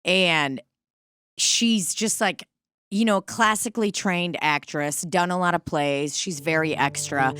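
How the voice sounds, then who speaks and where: A woman's voice: on the low side, takes it slowly, a bit bright, smooth, no echo. A woman co-hosting a casual comedy podcast, rambling and joking with some swearing. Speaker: podcast co-host. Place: home dining room.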